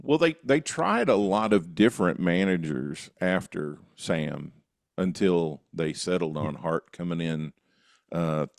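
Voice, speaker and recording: A man with a very low voice chatting on a podcast, recorded dry and close. He lays out history and poses questions in an easygoing, conversational manner. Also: lively intonation, a little slow, creaky, no echo. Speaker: co-host of a wrestling history show. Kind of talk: casual podcast discussion.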